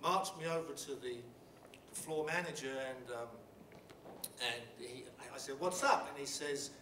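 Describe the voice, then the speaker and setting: A middle-aged Englishman speaks at a panel talk, telling a story in a halting, blunt way with many restarts and fillers. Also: mid-range voice. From England. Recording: roomy hall from a distant mic with background noise.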